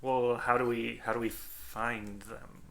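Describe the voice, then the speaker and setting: A man playing a character in a tabletop game, asking lively questions in character. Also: medium pitch, measured pace, vocal fry. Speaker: player.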